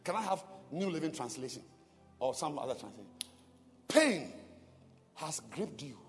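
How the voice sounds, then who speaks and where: A man's voice: a little high, very animated, normal speed, in a large hall, faint music behind. A male pastor preaching a sermon, repeating phrases and building up to emphatic calls to prayer. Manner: emphatic, repetitive, calls for responses.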